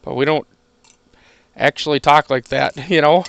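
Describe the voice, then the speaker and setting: A man's voice: fairly high pitch, moderate pace, vocal fry, fairly bright tone, slight background noise. A man chatting casually while sorting through coins, easygoing and chatty, chuckling between remarks. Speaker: coin collector streaming a penny hunt.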